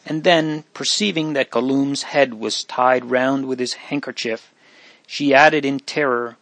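Man narrator for a classic storybook, measured delivery, mid pitch, dry close mic. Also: steady tone, gravelly, fairly bright tone, no room sound.

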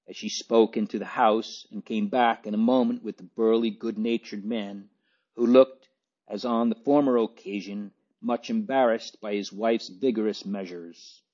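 A man reading a novel aloud as an audiobook narrator, in a measured, even storytelling manner. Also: fairly low pitch. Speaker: audiobook reader. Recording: dull lo-fi recording.

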